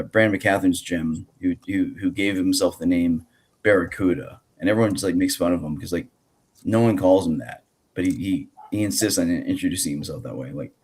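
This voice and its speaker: Man, podcast host, very low voice, rambling, lots of fillers. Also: a little mellow, slightly rough. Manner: rambling, many fillers and restarts. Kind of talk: casual podcast chat.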